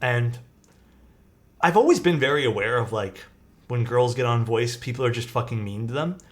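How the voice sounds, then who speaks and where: The young streamer's mid-range voice has lively intonation at a normal speed. Building a keyboard at his desk, he chats through a meandering story laced with "like" and swearing, faint music in the background.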